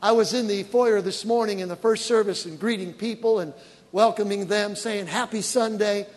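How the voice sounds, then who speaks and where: A man, a pastor, preaching a sermon with animated storytelling that rises to shouted praise. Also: high voice, moderate pace. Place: large church auditorium. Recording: long reverb of a large church hall with congregation. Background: faint congregation.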